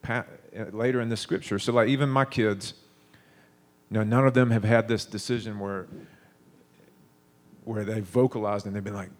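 Delivering a sermon at a moderate pace, a man in what sounds like his thirties keeps it relaxed and conversational. His slightly low voice tells stories that he breaks off and restarts along the way.

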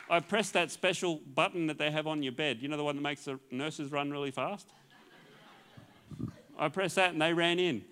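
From the pulpit, a male pastor shares his testimony in a slightly high, somewhat bright voice. He delivers it as a story, acting out the dialogue and laughing often along the way.

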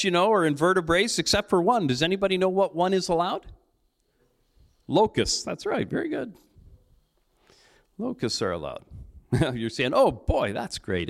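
A lead pastor preaching a sermon, telling stories and acting out playful dialogue with jokes. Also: male voice, sits high, fairly bright tone.

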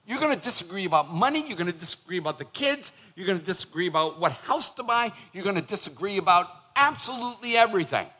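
A man who is a pastor preaching a sermon in church, animated and joking, acting out the voices he quotes. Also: high-pitched, quick pace, hardly any pauses.

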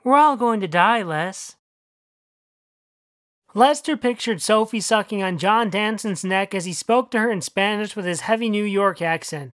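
A storyteller reading their own odd short fiction and then dropping into casual commentary. The voice is bright and clear. The recording is dry and close. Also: mid-range voice, no echo. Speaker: author and narrator.

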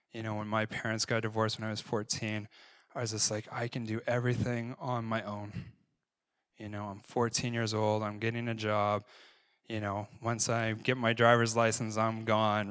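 A man's voice: lowish voice, a bit bright, dry recording. A man preaching a conversational sermon, often checking in with his listeners. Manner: conversational, frequent "right?" tag questions.

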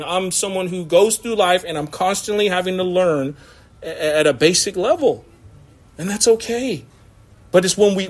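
Pastor, male, high-pitched, conversational sermon with frequent laughs. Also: fairly bright tone. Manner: conversational, laughing often, acts out quotes.

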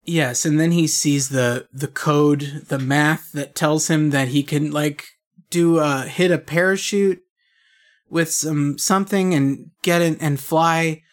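A man's voice: fairly high pitch, steady tone, takes it slowly. A man co-hosting a podcast, talking casually in a dry, blunt way. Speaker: podcast co-host. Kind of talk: casual chat.

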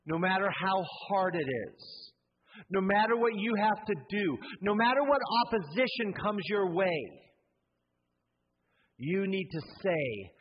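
A man's voice: sits high, very animated, measured pace, slightly rough. A man preaching a sermon as a pastor, telling a Bible story with jokes and building to a rousing call to commit. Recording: dull sound with long hall reverb.

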